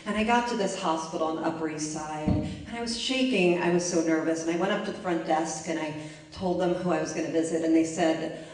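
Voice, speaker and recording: Woman storyteller with a lowish voice and a wry, self-mocking live delivery; very echoey room, distant mic. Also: brisk, a little mellow. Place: library event space.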